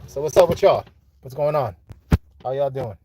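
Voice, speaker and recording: A man's voice: medium pitch, normal speed, noisy background. Cussing, fired-up man on a phone livestream. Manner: profane, frustrated then hyped, addresses viewers directly. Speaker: livestream host. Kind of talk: casual live chat. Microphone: phone held in hand.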